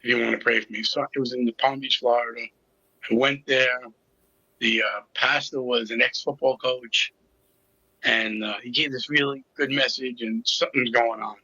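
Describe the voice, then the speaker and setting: A man's voice: medium pitch, steady tone, normal speed, pushed and bright, slightly rough, no room sound, highs cut off. A middle-aged man telling his personal story as an interview guest, candid and with a sarcastic sense of humor. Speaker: interview guest, recovery coach.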